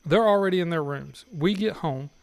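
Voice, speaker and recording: A podcast guest tells crude stories in casual chat and keeps breaking into laughter as he talks. His voice sits a little high for a man, and it is recorded dry and close, with no room sound. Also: normal speed, creaky, dry recording. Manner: laughs often while telling, crude humor.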